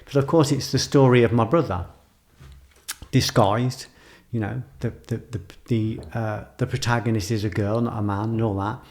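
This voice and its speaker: Fairly low-pitched and darkish, this man's voice stays fairly even in intonation at a moderate pace. He is a writer and filmmaker delivering an intense, emotional personal reflection, repeating phrases to drive points home.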